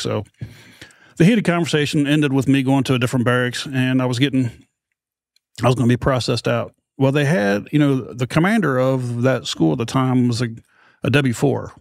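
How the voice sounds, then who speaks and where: A middle-aged American man with a medium-pitched, creaky voice talks fairly quickly in a clean, echo-free studio recording. He's a podcast host being interviewed, spinning a rambling, self-deprecating story and imitating other people's voices.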